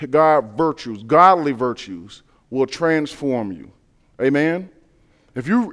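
A man preaching a sermon in an earnest, conversational way, dropping to quiet asides and building to loud emphasis. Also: long reverb tail. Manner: earnest, swings between soft low asides and loud rising emphasis; conversational, uses everyday scenarios and repeats key phrases.

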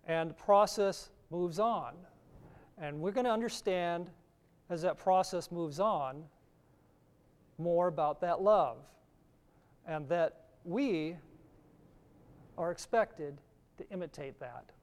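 Slow, earnest male preacher. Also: sits high. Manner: slow, earnest teaching with scripture readings. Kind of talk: sermon.

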